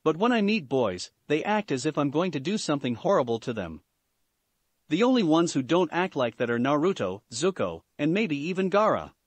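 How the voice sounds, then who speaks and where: A man voicing a proud, sharp-tongued teenage princess in a fan-fiction story reading. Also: a little high, very animated, normal speed, dry recording. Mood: haughty.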